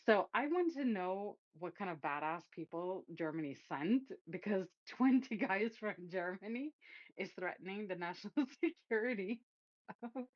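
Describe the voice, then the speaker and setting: A woman's voice: medium pitch, lively intonation, normal speed, no echo, muffled recording. Woman, mocking and giggly. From Sweden. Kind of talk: casual geopolitical chat.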